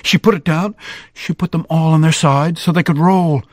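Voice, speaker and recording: A man telling a children's story aloud, lively, with sound effects and cheers. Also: on the high side, moderate pace, no room sound, studio quality. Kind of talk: animated oral storytelling.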